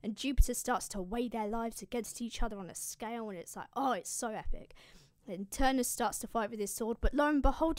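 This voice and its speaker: A woman's voice: on the high side, a little fast, dry recording, studio quality. A woman host giving a casual, slangy, swearing recap of an ancient epic. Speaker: classics video host.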